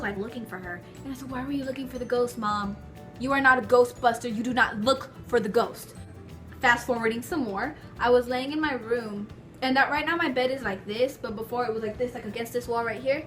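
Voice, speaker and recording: Chatty young woman vlogger, high voice. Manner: chatty, animated, many filler likes. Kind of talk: casual storytelling to camera. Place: her bedroom at home.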